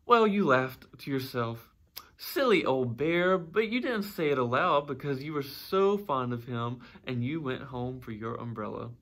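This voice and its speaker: A man reading a children's storybook aloud in an expressive, gently animated way. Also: mid-range voice, normal speed, few pauses.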